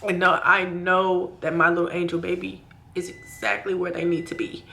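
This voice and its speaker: A woman's voice: on the low side, flat delivery, normal speed, vocal fry, pushed and bright, slight background noise. A woman in her late twenties vlogging to camera, speaking in an earnest, heartfelt way and fighting back tears. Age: 20s. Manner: emotional, speaking through tears. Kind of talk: personal vlog talking to camera.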